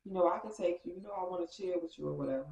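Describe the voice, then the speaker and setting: A woman voicing a laid-back young man who talks in an easygoing, soft-spoken way. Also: fairly low pitch, very fast, vocal fry, roomy sound, muffled recording.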